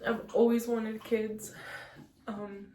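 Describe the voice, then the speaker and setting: Tearful young woman, slow halting delivery, slightly high voice, echoey room. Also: flat delivery, dark tone, slight background noise. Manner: halting, emotional, many restarts. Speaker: vlogger. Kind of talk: personal storytelling to camera.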